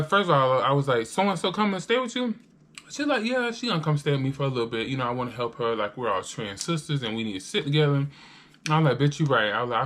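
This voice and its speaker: A young adult woman vlogger telling a casual storytime while eating. She is animated, acts out the voices she quotes and swears freely. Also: very deep voice.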